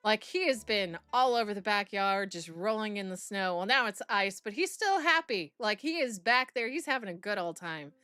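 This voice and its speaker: Young woman streamer, loose rambling live chat, quick to laugh, mid-pitched voice. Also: pushed and bright. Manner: rambling, chatty, laughs often. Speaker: streamer reacting to videos and reading chat.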